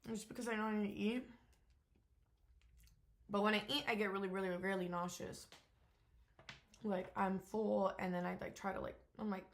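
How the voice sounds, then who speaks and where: A woman's voice: medium pitch, fairly even intonation, normal speed, long pauses. A young woman giving a casual, unscripted vlog update, talking candidly with lots of fillers and the odd swear word. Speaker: vlogger.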